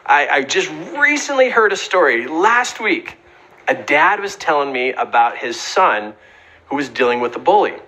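Lively, bright-voiced man giving advice. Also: a little high, moderate pace, low-quality recording. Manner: earnest, emphatic, acts out quoted voices. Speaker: speaker giving advice on bullying. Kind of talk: motivational talk.

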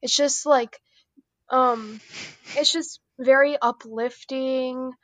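Woman podcast guest, high voice, meandering filler-heavy chat, dry close sound. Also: fairly even intonation, slow pace, fairly bright tone, no echo. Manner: meandering, hesitant, heavy use of "like". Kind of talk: casual chat.

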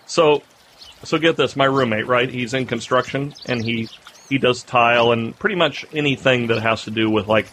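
Male podcast co-host, mid-pitch, animated casual storyteller, faint background noise. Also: moderate pace. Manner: animated storyteller, rising pitch when excited.

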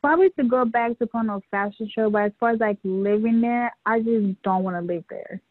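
A woman's voice: fairly high pitch, a little fast, no echo. A woman from New York, a guest telling stories in a casual chat, laughing often. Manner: laughs often, animated storytelling. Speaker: interview guest, fashion show organizer. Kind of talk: casual conversation. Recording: tinny phone line.

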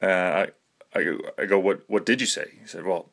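A man's voice: deep voice, moderate pace, vocal fry, a bit bright. A young man rambling to camera in a self-mocking way, swearing casually and breaking into nervous laughter. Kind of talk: rambling monologue.

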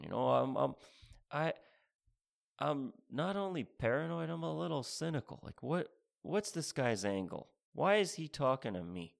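A man's voice: medium pitch, lively intonation, moderate pace, creaky. A man doing a rambling, sarcastic stand-up routine, spelling out mock instructions and repeating his phrases. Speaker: stand-up comedian.

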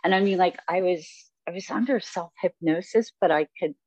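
A woman's voice: fairly low pitch, brisk, a little mellow, no room sound. A woman guest speaking in an interview, telling her life story in a reflective, rambling way with many fillers. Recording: dull, dry sound.

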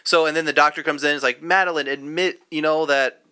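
A man's voice: on the high side, steady tone, a little fast, bright, forceful tone, smooth. A man co-hosting a podcast in casual chat, recapping a plot as a dry storyteller. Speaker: podcast co-host.

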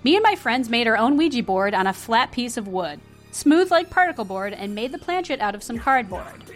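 A woman's voice: on the high side, fairly quick, faint music behind. A woman co-hosting a casual podcast, reading stories aloud and chatting playfully with frequent laughter. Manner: animated, laughs often, playful.

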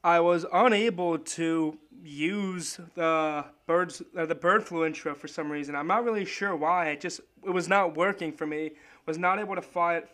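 A high-pitched man hosts a solo sports podcast. He talks in a loose, rambling way and often restarts his sentences. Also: moderate pace, fairly bright tone.

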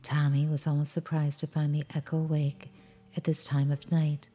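A woman reading a bedtime story in a soft, gentle way, talking to the listener as "sweet one.". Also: deep voice, little pitch movement, moderate pace, soft background music.

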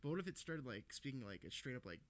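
Lively young man swearing in casual chat. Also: mid-range voice, fast talker. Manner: swearing, laughing, rambling. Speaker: podcast co-host.

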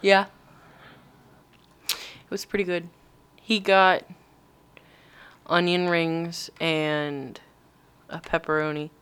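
A young woman chatting casually as a vlog co-host, giggly and animated as she tells stories. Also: fairly low pitch, drawn-out words, pauses often, smooth. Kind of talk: casual chat.

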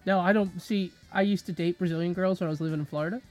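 A man's voice: high voice, steady tone, quick pace, a little mellow, faint music behind. A man co-hosting a casual podcast, cracking dry jokes. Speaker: podcast co-host. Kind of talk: casual banter.

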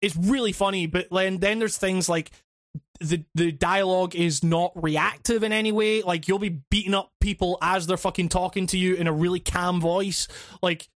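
A man's voice: high-pitched, fairly even intonation, normal speed, dry recording, clean studio sound. A man on a podcast, ranting casually with lots of swearing, fillers and restarts. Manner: rambling, profane, many restarts and fillers. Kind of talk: casual chat.

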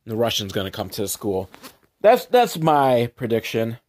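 A man hosting a comedy podcast, sarcastically recapping a film with profanity and quick mock voices for the characters. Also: medium pitch, huge pitch swings, darkish tone.

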